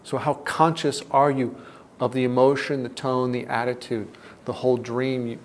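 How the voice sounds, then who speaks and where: Gravelly guy talking self-help, slow and thoughtful, goes quiet a lot, faint hiss behind. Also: flat delivery. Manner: deliberate, often drops to a soft, low tone. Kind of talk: reflective teaching talk.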